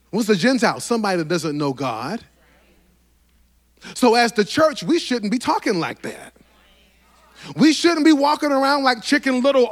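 A man's voice: very high voice, sing-song, normal speed. A pastor preaching a sermon to his church, fervent and rhythmic, with lots of repetition and direct calls to the congregation.

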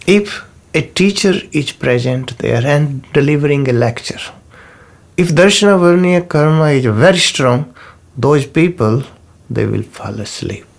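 Slow gravelly man teaching. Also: fairly high pitch. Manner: unhurried, repeats key terms, non-native phrasing. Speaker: spiritual teacher. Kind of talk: slow spoken teaching talk.

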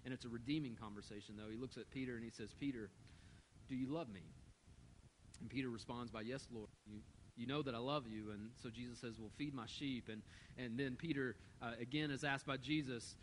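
A man's voice: medium pitch, steady tone, brisk, a little hiss or hum, low-quality recording. A middle-aged man preaching a sermon as pastor, telling a story and acting out the quoted voices.

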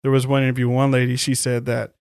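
A man's voice: medium pitch, completely flat delivery, fast talker, creaky, a little mellow, clear, resonant tone, no echo, studio quality. A man hosting a podcast, recapping and rating a horror film in loose, slangy, profane chat. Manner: loose, slangy storytelling with side remarks. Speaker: podcast host reviewing horror films.

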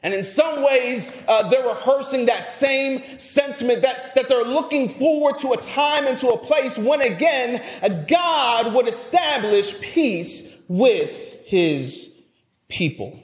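A male pastor preaching a sermon, emphatic, rising to loud peaks and dropping low at phrase ends, often repeating words as he restarts. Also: expressive, slow pace. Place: church sanctuary. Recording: echoey church sanctuary.

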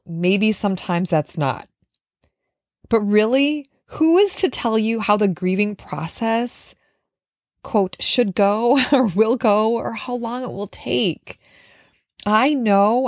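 A woman's voice: a little high, no room sound, clean studio sound. A woman from Minnesota hosting a solo podcast as a nutrition coach, talking in an earnest, heartfelt, conversational way with fillers. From Minnesota, USA. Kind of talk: reflective solo podcast monologue.

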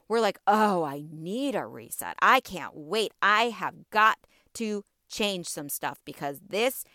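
A woman's voice: fairly low pitch, no echo, clean studio sound. A woman hosting a wellness podcast, speaking encouragingly and directly to her listeners. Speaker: podcast host.

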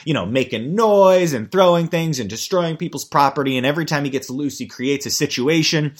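A man's voice: a little high, fairly quick. A man hosting a podcast and giving casual, comedic commentary that rambles, swears and keeps interrupting itself. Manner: rambling, profane, self-interrupting.

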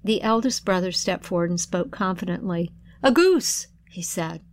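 This woman's voice sits on the low side, with slight background noise behind it. She narrates an old folk tale in a measured, expressive way before pondering its meaning.

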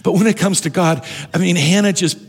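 A man's voice: sits high, fairly quick, gravelly, slightly rough. A man preaching a sermon as pastor, talking conversationally and often restarting and repeating words. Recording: long hall reverb.

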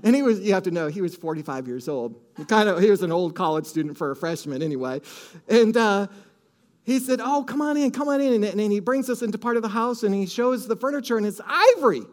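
A man from Minnesota with a light Minnesota accent, preaching and telling a story with lively acted-out quotes. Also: sits high, quick pace. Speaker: pastor. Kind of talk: sermon storytelling.

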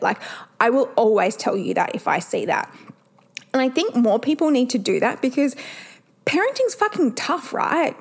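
Chatty mum talking candidly. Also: female voice, high-pitched, lively intonation, moderate pace, husky. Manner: candid, chatty, swears freely. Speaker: podcast host. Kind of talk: casual solo podcast chat.

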